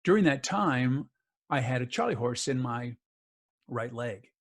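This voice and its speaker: A man's voice: medium pitch, animated, unhurried. A middle-aged man telling a personal story in an interview, acting out the other people's lines as he goes. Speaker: guest, author and voice actor.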